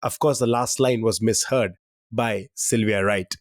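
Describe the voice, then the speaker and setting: A man's voice: fairly low pitch, fairly even intonation, a little slow, no room sound, clean studio sound. A man co-hosting a podcast quiz in casual banter, teasing and laughing often.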